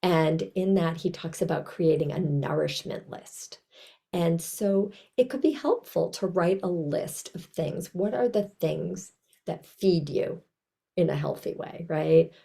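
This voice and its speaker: A woman with a heavily gravelly, low and mellow voice gives a conversational trauma training talk over a video call. She speaks gently and reflectively, slipping into soft, kind self-talk asides. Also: animated, measured pace.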